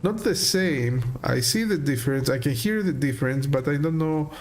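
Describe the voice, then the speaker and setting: A man's voice: fairly high pitch, lively intonation, moderate pace, a little mellow, slight background noise. A man casually commenting while he plays a video game, hesitant, with many fillers, restarts and laughs. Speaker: game streamer. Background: faint game music.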